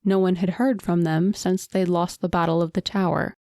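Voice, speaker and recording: A woman narrating a fantasy audiobook in a measured, dramatic storytelling manner. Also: on the low side, steady tone, a little mellow, dry recording, studio quality.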